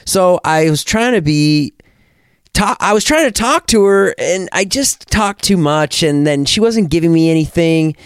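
A man's voice: on the high side, animated, a little slow, clean tone, dry recording, studio quality. Young man rambling about a date. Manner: hesitant, rambling with many "like"s. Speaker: guest telling a dating story. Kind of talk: casual chat.

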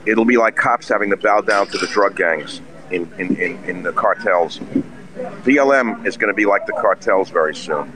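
A deep-voiced man speaks at normal speed, delivering a combative, scornful rant inside a crowded restaurant. Diners' chatter fills the background and makes the recording noisy.

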